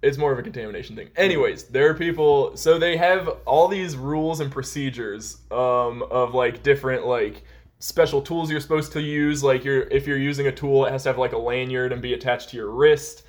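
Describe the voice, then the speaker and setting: A young man rambles through a work anecdote on a casual podcast, piling on fillers as he goes. His voice sits at an ordinary middle pitch, and he talks like he is chatting with a friend. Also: fairly quick. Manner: rambling, heavy use of "like" and "um". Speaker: podcast co-host. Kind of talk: casual storytelling chat.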